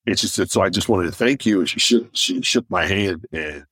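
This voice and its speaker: A stand-up comedian from Michigan telling personal stories in an interview and acting out what other people said. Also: male voice, low voice, brisk, dry recording. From Michigan, USA. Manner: animated anecdotes, acting out others' lines; deaf in one ear. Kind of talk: storytelling in a podcast interview.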